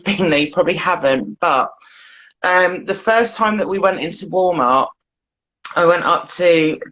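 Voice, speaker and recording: A woman's voice: low-pitched, fairly bright tone, low-quality recording. A woman from the United Kingdom, a blogger guest on a casual chat show, talking in a chatty, storytelling way and laughing easily.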